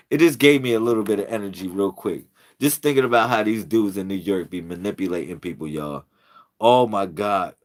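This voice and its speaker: A man telling a casual, slangy story to the camera, laughing often and jumping into quoted voices. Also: fairly low pitch. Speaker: spiritual channel host.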